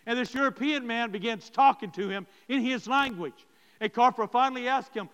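A pastor preaches with a high, bright voice. He keeps turning to his congregation to stress his point. Long reverb from the hall trails after each phrase. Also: moderate pace. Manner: emphatic preacher addressing the congregation directly. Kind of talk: sermon storytelling.

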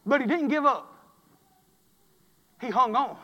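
A man, preaching a sermon as pastor, swinging from quiet murmurs to shouted fervor. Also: very high voice, lively intonation, a little slow, lo-fi sound. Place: church sanctuary. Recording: long echo of a church sanctuary.

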